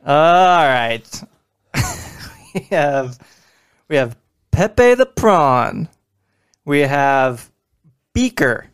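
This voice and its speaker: A man's voice: mid-range voice, big pitch swings, drawn-out words, long pauses, clean tone, no echo. A man co-hosting a casual comedy podcast, who laughs often and trips over his words. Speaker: podcast co-host. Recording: dry close-miked sound.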